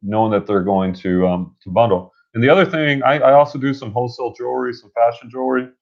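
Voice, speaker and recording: A man's voice: medium pitch, fast talker, vocal fry. A man co-hosting a casual livestream about reselling, upbeat and reading viewer comments aloud. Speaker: reseller co-host. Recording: dull lo-fi livestream audio.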